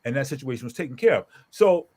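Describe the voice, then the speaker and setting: A middle-aged man, a pastor, telling a story in a casual group talk, animated and emphatic, often checking in with "okay?". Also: medium pitch, fast.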